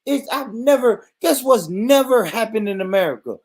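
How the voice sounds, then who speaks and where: A man rants to his viewers in a comic, profane vlog, swinging his voice up and down with big energy. His tone sits a little high and has a husky rasp, and he breaks into laughter often. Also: moderate pace. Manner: animated, swearing, laughing often. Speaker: vlogger. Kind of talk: profane comedic rant.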